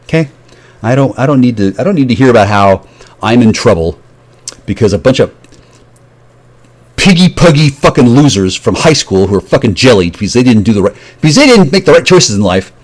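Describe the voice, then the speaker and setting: A vlogger talks alone to the camera in a rambling monologue, swearing a lot, wandering off on tangents and trailing into mumbles. His medium-pitched voice is very animated and fairly quick.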